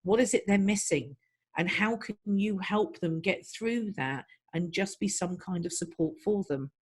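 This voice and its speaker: A middle-aged woman, a guest in an interview, giving practical marketing advice in an even, steady way. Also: medium pitch, unhurried, slightly rough. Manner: practical, advising, even-paced. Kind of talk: interview answers.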